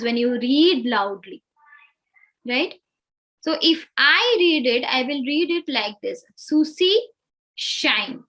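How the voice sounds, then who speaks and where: Slow, bright-voiced woman trainer. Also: high-pitched. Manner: slow, deliberate, over-enunciates examples. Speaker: soft skills trainer. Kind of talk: live online class on pronunciation.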